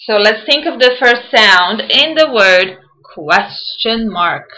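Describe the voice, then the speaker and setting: Slow, patient woman teacher. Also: medium pitch, sharp tone, poor audio. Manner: slow, patient, sounding words out. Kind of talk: early-years phonics lesson.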